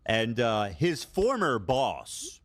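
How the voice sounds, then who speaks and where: A man of middle pitch whose voice swings widely as he banters on a podcast. His delivery is sarcastic and mocking. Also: wildly swooping pitch, slow pace, a bit bright. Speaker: podcast host.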